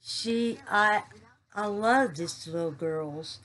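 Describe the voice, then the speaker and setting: A woman's voice: mid-range voice, fairly bright tone. A woman, gushing as she unboxes and shows off craft pieces in a casual vlog. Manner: gushing, drawn-out, repeats herself. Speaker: crafting YouTuber.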